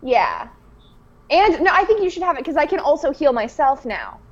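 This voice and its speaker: High, lively woman player. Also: normal speed. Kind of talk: casual tabletop game chat. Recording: muffled lo-fi voice chat.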